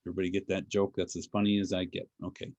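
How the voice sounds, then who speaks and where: A man's voice: sits low, little pitch movement, very fast, darkish tone, dry recording. A man giving a patient language lecture, explaining pronunciation step by step with dry humor. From Alaska. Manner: dry self-deprecating humor. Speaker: language teacher and speaker. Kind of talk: lecture with audience questions.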